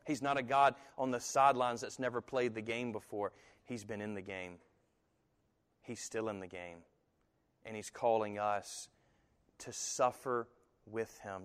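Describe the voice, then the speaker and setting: A man preaching in a church with a long, ringing reverb behind his voice. His voice sits at a middle pitch, and he tells stories with animated delivery. He jumps up into other people's voices whenever he quotes them. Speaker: pastor. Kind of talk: sermon.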